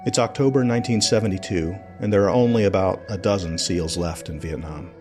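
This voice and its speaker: Over background music, a low-voiced podcast host from South Carolina speaks fairly quickly, sharing a relaxed, conversational story. He addresses his listeners as though describing a trip with friends.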